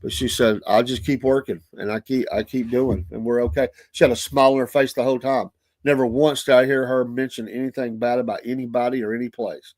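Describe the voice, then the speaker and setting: Middle-aged host, rambling folksy storyteller, dry close mic. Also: male voice, medium pitch, fairly even intonation, brisk, a little mellow, no room sound. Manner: rambling, folksy, many restarts. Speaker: radio show host. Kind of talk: casual monologue.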